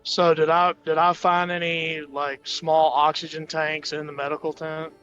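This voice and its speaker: A man's voice: on the high side, level tone, normal speed, a bit bright, soft background music. A man playing a tabletop game, speaking casually with lots of fillers, on a dull lo-fi mic. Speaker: player. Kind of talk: casual tabletop role-play.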